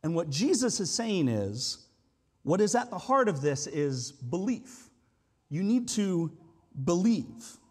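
A man's voice: high voice, sing-song, slow, husky. A man preaching a sermon as a pastor, talking in a conversational, explanatory way with frequent hedging asides. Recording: long hall reverb.

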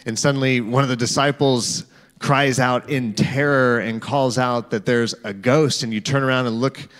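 A man's voice: medium pitch, steady tone, normal speed, a bit bright. A man preaching a sermon, telling a story in guided imagery and speaking to the listeners as "you". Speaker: pastor.

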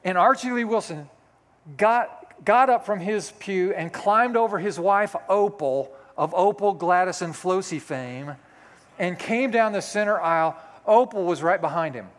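High-voiced preacher telling a story. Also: male voice, unhurried. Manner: folksy, self-deprecating humor. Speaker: pastor. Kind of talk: sermon storytelling. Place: church sanctuary. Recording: long hall reverb.

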